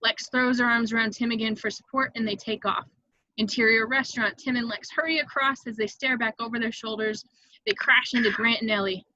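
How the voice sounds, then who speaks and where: A woman reading stage directions aloud in an amateur online table read, brisk and vivid, with occasional slips she corrects. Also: fairly high pitch, steady tone, sharp tone, no echo, muffled recording.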